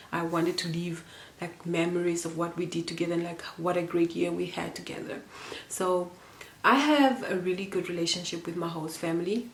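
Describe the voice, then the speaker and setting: A woman's voice: fairly low pitch, echoey room, a little hiss or hum. A young woman from Namibia telling a personal story to camera in a casual, rambling and emotional way, with many fillers and restarts. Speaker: vlogger.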